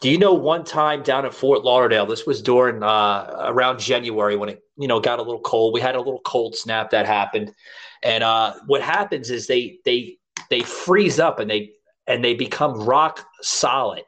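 A man hosting a podcast, telling a rambling, animated story full of restarts. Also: medium pitch, normal speed. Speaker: podcast host. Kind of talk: casual chat, storytelling.

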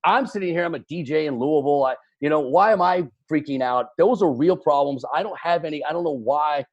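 Animated Kentucky radio DJ, self-deprecating. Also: male voice, a little high, a little fast, lo-fi sound. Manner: animated, exclamatory, self-deprecating, stammering restarts. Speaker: radio DJ, podcast guest. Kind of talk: casual video-call conversation. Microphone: video call.

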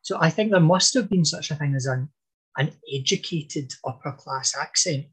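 A man's voice: a little high, normal speed, fairly bright tone, husky. A man talking through history in a casual podcast chat, thoughtful and hesitant. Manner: thoughtful, hesitant with fillers and restarts. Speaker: podcast guest expert on history.

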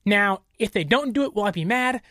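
A woman hosting a sports podcast. She talks in a casual, opinionated, animated way. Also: medium pitch, dry recording, studio quality. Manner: animated, opinionated, quick to joke. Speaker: podcast host.

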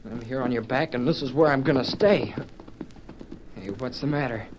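An actor playing an eager young cowboy rider in a 1940s radio drama, talking excitedly to himself. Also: male voice, mid-range voice, moderate pace, natural voice. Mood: urging. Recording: noisy old radio recording.

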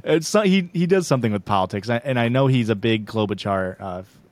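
A man's voice: medium pitch, expressive, quick pace, slight background noise. Rambling young male podcast co-host. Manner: rambling storyteller, self-deprecating, laughs often. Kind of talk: casual chat.

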